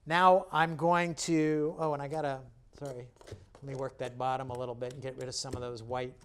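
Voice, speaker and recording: A man's voice: medium pitch, level tone, moderate pace, fairly bright tone, slight background noise. A man giving a step-by-step painting lesson, admiring and encouraging as he works. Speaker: painting instructor.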